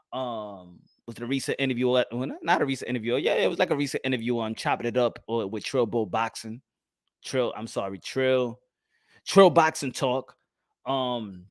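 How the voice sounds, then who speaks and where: A man's voice: medium pitch, no echo, clean studio sound. A young man hosting a boxing channel, talking in slangy, rambling commentary and often repeating himself.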